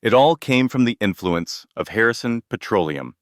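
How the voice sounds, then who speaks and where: A man voicing a composed, confident young woman who speaks in a cool, steady way. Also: lowish voice, normal speed, no echo, clean studio sound, natural voice.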